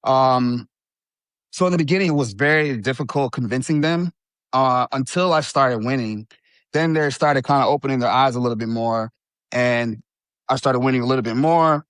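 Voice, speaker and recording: A man in his thirties talks loosely as an interview guest, dropping "bro" and "you know" as he goes. His voice sits at a middle pitch, and the recording is close and dry. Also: moderate pace, clear, resonant tone, dry recording. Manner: relaxed, laughs easily, says bro and you know. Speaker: interview guest, bodybuilding champion. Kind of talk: casual interview chat.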